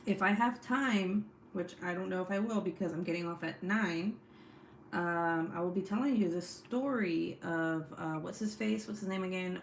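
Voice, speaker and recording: A woman's voice: mid-range voice, slight background noise. A young adult woman hosting a casual true crime livestream from home, chatty and swearing freely as she reads viewer chat aloud. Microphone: desk setup, phone or webcam.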